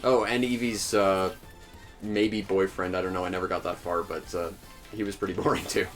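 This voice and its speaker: A man's voice: deep voice, fairly even intonation, normal speed, faint music behind. A young man hosting a casual gaming video, rambling and laughing often. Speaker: let's play host.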